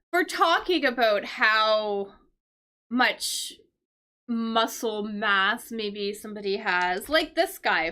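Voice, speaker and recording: A woman's voice: fairly high pitch, pushed and bright. A woman teaching English vocabulary through a crossword, explaining patiently with fillers and check-in questions. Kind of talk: casual livestream lesson solving a crossword.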